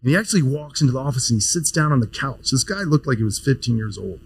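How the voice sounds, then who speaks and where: A man in his fifties with a mid-pitched voice, telling an animated story as a podcast guest. He talks casually and often doubles back on his words. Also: quick pace, breathy edge, poor audio. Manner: animated storyteller, frequent restarts, laughs easily. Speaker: neurosurgeon guest.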